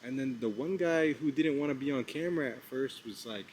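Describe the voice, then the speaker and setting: A young man vlogging outdoors at night, telling a story in a casual, excited, slangy way, rambling with lots of "like" and "bro". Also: mid-range voice, fairly quick, few pauses, low-quality recording. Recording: outdoor street noise with passing traffic.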